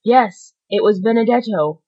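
A woman's voice: fairly high pitch, measured pace, warm tone, highs cut off. A woman reading aloud, voicing a wounded dying man who pleads frantically for help. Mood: pleading. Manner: frantic, gasping pleas.

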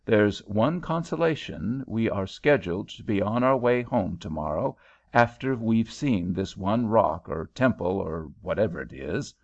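A man's voice: fairly low pitch, expressive, measured pace, gravelly, full character voice. A man doing a fretful older American aunt. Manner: fretful, folksy. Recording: dull lo-fi recording.

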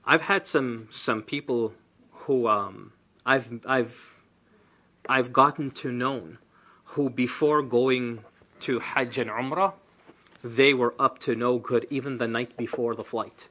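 A man giving a conversational Quran class, lively and chatty, asking rhetorical questions with casual asides. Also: mid-range voice, slow. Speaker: Islamic teacher. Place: indoor class.

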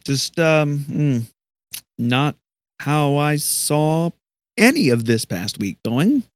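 Man doing a wary young hero, fairly high voice, lively pitch, hesitant, evasive, dry sound, tabletop game. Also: slow pace.

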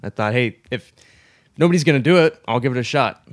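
A man's voice: mid-range voice, lively intonation, fast. A man, a guest filmmaker, earnestly explaining how he got started in an interview. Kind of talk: interview answer.

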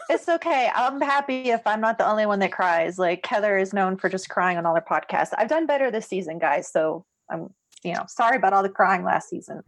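A woman's voice: medium pitch, lively intonation, no room sound. Giggly woman podcast host. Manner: giggly, gushing, quick to laugh. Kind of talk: casual chat.

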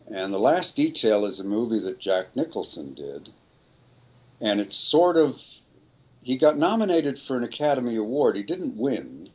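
Fairly low and slightly rough, the voice belongs to an older male voice actor being interviewed as a guest. The recording is rough, and he rambles through anecdotes, frequently fixing what he says partway through a sentence.

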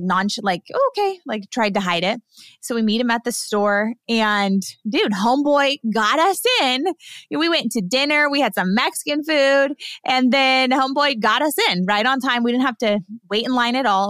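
A woman in her thirties hosting a podcast, telling a story in a chatty, animated way with lots of fillers and laughter. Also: mid-range voice, dry recording. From Southern California. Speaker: podcast host. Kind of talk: casual storytelling monologue.

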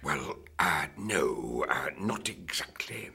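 An actor playing an eccentric, excitable scientist explorer, who muses enthusiastically and talks to strange creatures in simple words. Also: male voice, rumbling low, slow, vocal fry, husky, exaggerated voice.

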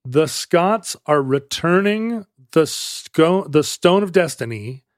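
A man co-hosting a podcast, telling a history story in a casual, halting way with frequent restarts. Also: a little high, lively intonation, no echo, clean studio sound. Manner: halting, many restarts and fillers, wry. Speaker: podcast co-host.

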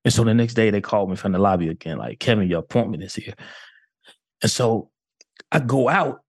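A man's voice: on the low side, a little fast, husky, no room sound, studio quality. A man, a detective, telling a case story in a casual way and acting out what people said. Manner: animated retelling with quoted dialogue. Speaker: detective guest.

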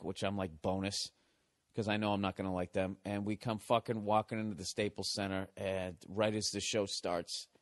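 A man's voice: on the low side, dry recording. A middle-aged man hosting a podcast, telling a rambling, profane comedic rant. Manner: profane, ranting. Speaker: podcast host.

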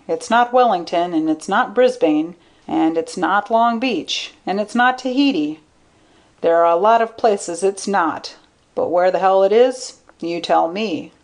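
A woman voicing a shrewd, thoughtful man who speaks in a calm, measured way. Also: medium pitch, close to an everyday voice.

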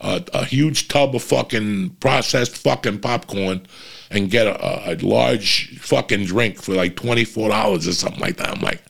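A man with a fairly low, slightly bright voice and vocal fry tells a story at a normal speed in an exasperated monologue. He swears constantly and acts out what he and other people said along the way.

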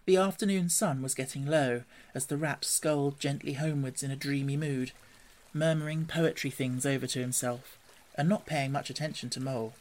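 A man reading a classic storybook aloud in an expressive, gently animated way. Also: medium pitch, moderate pace. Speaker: narrator.

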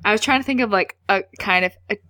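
A young woman in casual chat, telling a story with animated energy. Her voice is bright and forward, sitting in the middle of the range, and she bounces between narration and quick put-on voices. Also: medium pitch. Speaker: podcast co-host recapping a book.

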